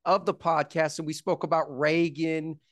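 A man hosting a podcast interview, chiming in with short affirmations and halting restarts. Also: a little high, little pitch movement, a bit bright, no echo. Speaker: podcast host.

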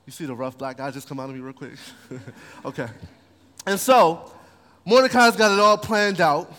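A man's voice: a little high, normal speed, fairly bright tone. A man preaching a sermon, telling the story playfully and animatedly with slang. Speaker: pastor. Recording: long hall reverb.

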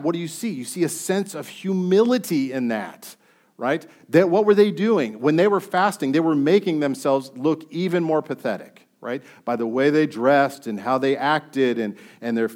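A man's voice: fairly high pitch, lively intonation, normal speed, a little mellow. A man preaching a sermon. He reads scripture aloud and puts questions to his listeners in a conversational way.

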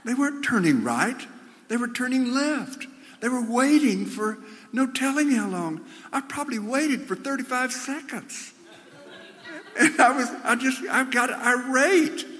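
A man preaching a sermon, telling stories with animation and sinking to a low, earnest tone. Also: expressive, unhurried, sharp tone, husky, long reverb tail.

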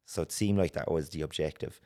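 An Irish man telling a personal story as a podcast guest, earnest and halting, with many restarts. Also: very deep voice, mellow. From Ireland.

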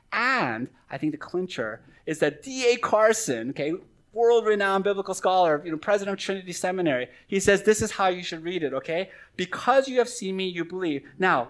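A man's voice: high voice, fairly bright tone. A middle-aged male pastor preaching a sermon in an earnest, conversational teaching manner with friendly asides.

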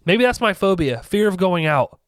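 A man's voice: high-pitched, big pitch swings, normal speed, dry recording. A man in his thirties chatting casually as a podcast co-host, rambling and self-deprecating with many restarts. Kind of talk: casual chat.

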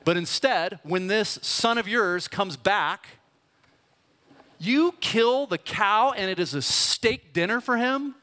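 A preacher doing a bitter, resentful older brother. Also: male voice, sits high, slow pace, sharp tone, pitched above the performer's own voice, full character voice. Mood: indignant. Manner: indignant, aggrieved. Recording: long hall reverb.

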